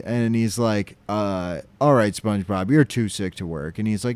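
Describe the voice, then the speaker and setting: A young man co-hosting a podcast, casually recapping a cartoon, swearing and acting out lines in quick voices. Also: on the low side, a little mellow, clean tone, dry recording. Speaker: podcast co-host.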